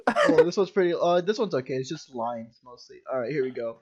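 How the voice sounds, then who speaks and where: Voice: medium pitch, very animated, brisk, a little mellow. Giggly casual story reader. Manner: giggly, interrupts himself to joke. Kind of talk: casual comedic story reading.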